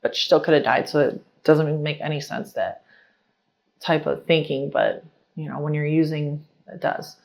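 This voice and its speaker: A young adult woman sharing her personal story in casual talk, chatty and animated, full of fillers as she retells scenes. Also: deep voice, moderate pace, vocal fry. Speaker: interviewee.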